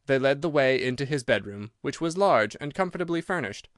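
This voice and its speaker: A man reads a classic story aloud at a measured, steady pace, his voice sitting in an ordinary middle register. The sound is dry and close, with no room around it. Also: medium pitch, dry recording. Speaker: audiobook narrator. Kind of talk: scripted narration.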